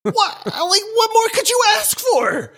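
Animated, jokey male podcast host. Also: very high voice, vocal fry. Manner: animated, jokey, quick to laugh. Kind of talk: casual podcast banter.

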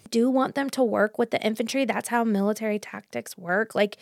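A woman co-hosting a casual book podcast, talking in an animated, rambling way with quick restarts. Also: on the high side, no echo. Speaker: podcast co-host.

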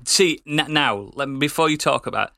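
A man's voice: medium pitch, moderate pace, vocal fry, bright, forceful tone, no echo, clean studio sound. A man chatting casually on a podcast, joking and teasing. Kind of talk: casual chat.

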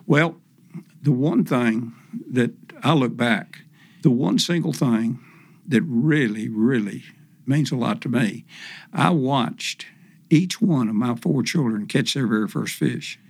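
An older man, a professional fisherman as podcast guest, telling folksy stories slowly with plenty of fillers and acted-out quotes. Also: mid-range voice, darkish tone, breathy edge, no echo. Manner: folksy, unhurried, many fillers, acts out quotes. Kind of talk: casual storytelling interview.

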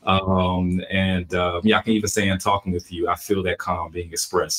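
A man co-hosting a podcast interview, talking in a halting way with many fillers and restarts. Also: sits low, level tone, a bit bright, slight background noise, poor audio. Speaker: podcast co-host. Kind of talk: conversational interview.

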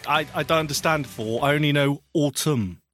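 A man's voice: on the high side, moderate pace, fairly bright tone, faint music behind. A man with a British accent co-hosting a podcast in casual chat, teasing and theatrical. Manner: teasing, theatrical, mock-posh. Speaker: podcast co-host.

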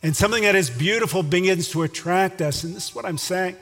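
High-voiced man preaching in a hall. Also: fast talker, a bit bright. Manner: storytelling, then earnest closing prayer. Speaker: pastor. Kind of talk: sermon.

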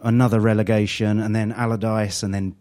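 Author, deep and warm-toned, calm factual recounting. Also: male voice, a little fast. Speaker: author of a club history book. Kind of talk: casual chat about football.

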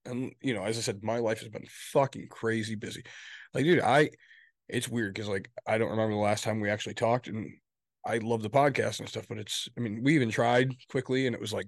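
A man's voice: fairly low pitch, steady tone, a little fast, no room sound, clean studio sound. A man co-hosting a podcast in casual chat, rambling and swearing, often tagging his points with "right?". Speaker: podcast co-host.

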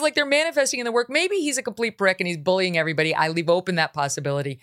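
A middle-aged woman hosting a talk show, blunt and animated, quick to laugh. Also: lowish voice. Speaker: host.

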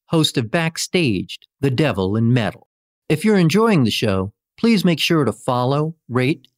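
A man hosting a podcast, reading scripted narration in a measured, deliberate way. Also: mid-range voice, dry recording, clean studio sound. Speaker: podcast host. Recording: music bed underneath.

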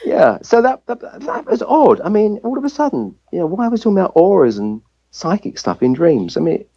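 An English man recounts a personal story as an interview guest. His pitch swings widely as he acts out the voices of people he quotes. The recording is dull and lo-fi. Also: a little fast, breathy edge. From England. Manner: lively anecdote-telling, acting out quoted voices. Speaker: guest, family physician.

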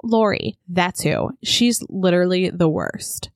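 A woman's voice: lowish voice, very animated, unhurried, no echo. Chatty woman with a dry close sound. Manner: conversational, frequent "like" fillers. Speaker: podcast co-host. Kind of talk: casual true-crime chat.

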